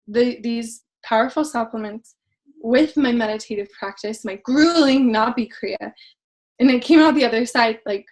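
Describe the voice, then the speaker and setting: A woman's voice: on the high side, poor audio. A woman hosting a casual live chat, talking earnestly and openly, often laughing and sometimes getting emotional. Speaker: host.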